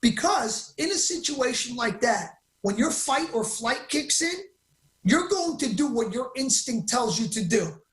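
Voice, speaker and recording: A man as an interview guest, telling his story in an excitable, emphatic way and often cutting himself off mid-sentence. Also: very high-pitched, a little slow, reverberant.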